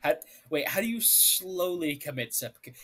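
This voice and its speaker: A man's voice: a little high, expressive, normal speed, a bit bright. A young man making exasperated, sarcastic remarks while his co-host reads fanfiction. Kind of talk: casual sarcastic commentary.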